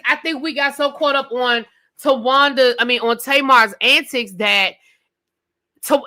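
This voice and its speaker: A woman hosting a live review stream, ranting casually and calling out to her viewers with sassy asides and repeated questions. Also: fairly high pitch. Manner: sassy, talks straight to chat with "y'all" and "baby"; animated, repeats questions for emphasis.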